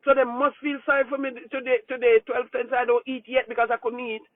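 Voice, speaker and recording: A woman pastor, crying as she talks, gives a halting, emotional update to her congregation from a moving car, repeating herself and asking for prayer. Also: a little high, level tone, dry recording. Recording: tinny phone-like, dry sound.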